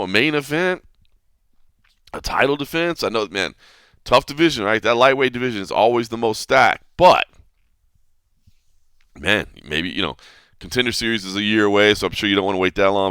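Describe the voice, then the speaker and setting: Male podcast host, low and resonant, dry close sound, rambling and animated. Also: clean tone, dry recording. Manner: rambling, animated, corrects himself mid-sentence. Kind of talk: casual podcast commentary.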